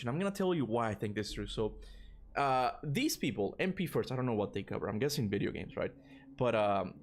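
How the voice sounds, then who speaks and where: A man hosting a casual gaming livestream, rambling with many fillers and restarts, and laughing often. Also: mid-range voice. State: burping after lunch. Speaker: gaming channel host.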